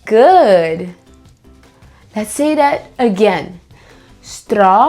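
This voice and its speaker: A woman teaching fruit names to young children, repeating each word slowly and prompting them to say it back. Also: mid-range voice, expressive, a little mellow, soft background music. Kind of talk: slow, sing-song kids' lesson.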